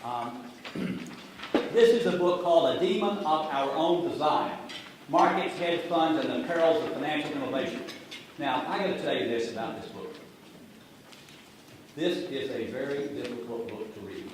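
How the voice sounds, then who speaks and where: A man's voice: on the high side, moderate pace, long pauses. A middle-aged man, giving a sarcastic, jokey talk on finance to a live audience and speaking to it directly. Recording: echoey hall from far off, noisy.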